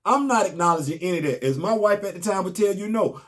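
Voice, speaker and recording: A man's voice: high voice, quick pace. A man, casually recapping a comic book and telling stories on his podcast. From Southern US. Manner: animated, storytelling, rising to emphatic outbursts.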